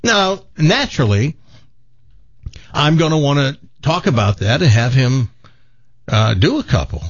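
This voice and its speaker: A man hosting a radio talk show, telling a story in a lively, laughing way with lots of restarts. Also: medium pitch, unhurried, no room sound, highs cut off. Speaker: radio host. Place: radio studio. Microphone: studio mic with headphones.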